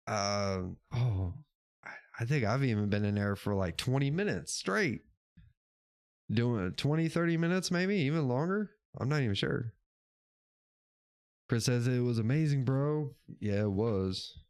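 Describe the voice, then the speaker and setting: A man's voice: medium pitch, lively intonation, a little slow, no echo, clean studio sound. A man hosting a casual livestream show, chatting with his chat in a laid-back, rambling way, swearing now and then and laughing often. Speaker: podcast host reading live chat.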